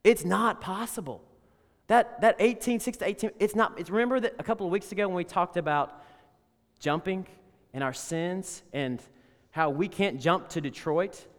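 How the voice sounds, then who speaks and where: A man pastor delivering an animated, emphatic sermon full of rhetorical questions. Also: high-pitched, normal speed, big-room sound.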